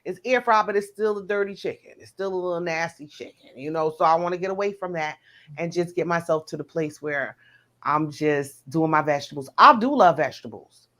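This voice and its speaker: A middle-aged woman from New Jersey with a New Jersey accent, co-hosting a casual chat in an animated, chatty way. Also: on the low side, fairly quick. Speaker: co-host.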